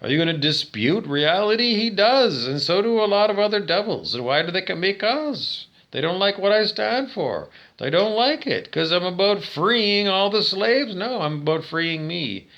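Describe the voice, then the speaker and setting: A man's voice: high voice, sing-song, normal speed, hardly any pauses, a bit bright, dull audio. A man talking straight to his viewers in a monologue, ranting, swearing and asking questions he answers himself. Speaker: vlogger. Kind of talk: direct-to-camera monologue.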